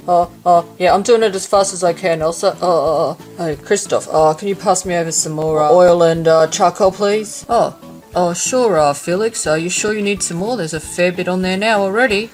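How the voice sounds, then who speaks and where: A woman's voice: fairly low pitch, brisk, darkish tone, soft background music, close to an everyday voice. A woman voicing a flustered grown man doll at a barbecue, stammering with lots of fillers in toy play acting. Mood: nervous.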